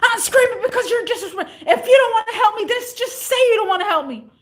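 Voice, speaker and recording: Woman mocking a shrill, shouting angry man. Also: fast talker. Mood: angry yelling. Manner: shrill, yelling, laughing mockery. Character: angry adult male customer, shouting, indignant.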